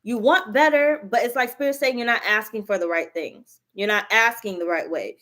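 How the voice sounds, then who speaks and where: A woman's voice: a little high, moderate pace, sharp tone. A woman leads a live tarot reading. She talks bluntly and curses often. She drives each point home by saying it again and again. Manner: blunt, profane, repeats herself emphatically. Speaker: tarot reader.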